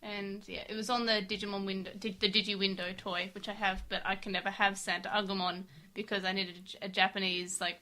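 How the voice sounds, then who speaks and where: A woman's voice: medium pitch, level tone, quick pace, few pauses, pushed and bright. A woman co-hosting a casual podcast, teasing her partner and chatting with self-deprecating asides. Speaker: podcast co-host. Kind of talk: casual chat.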